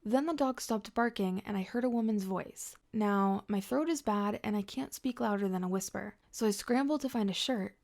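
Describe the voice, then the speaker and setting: A woman reading first-person drama stories aloud in a steady scripted narration. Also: medium pitch, moderate pace, creaky, few pauses.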